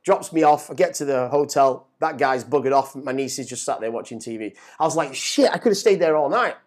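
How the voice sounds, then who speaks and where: A middle-aged man telling a story as a guest, animated and swearing, often repeating words as he gets excited. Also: mid-range voice, a little fast. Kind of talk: casual storytelling.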